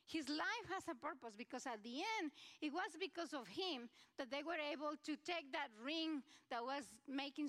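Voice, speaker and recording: A woman's voice: high voice, a bit bright. A woman pastor with a Mexican accent, preaching a sermon in a church in a conversational way and talking directly to the congregation. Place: church sanctuary.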